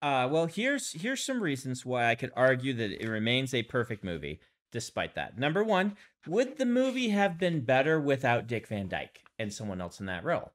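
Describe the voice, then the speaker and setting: Guy on a podcast, talks it through slowly, lots of ums, normal middle voice. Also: medium pitch, huge pitch swings. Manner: thoughtful, many "um" pauses. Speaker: podcast co-host, author. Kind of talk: casual conversation.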